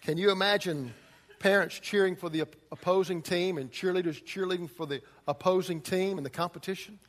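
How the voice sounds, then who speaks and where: Emphatic high-voiced male preacher, reverberant hall. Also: fairly even intonation, brisk. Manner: emphatic preaching, swings from loud urgency to quiet intensity. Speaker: pastor. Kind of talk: sermon.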